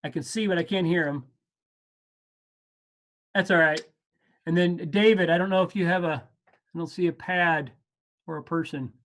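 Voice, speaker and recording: A man's voice: on the high side, moderate pace, long pauses, fairly bright tone. Guy giving a drum lesson on a video call, chill and encouraging, fixes himself mid sentence. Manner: casual, encouraging, self-correcting. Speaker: percussion teacher. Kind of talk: online music lesson. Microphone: video call mic.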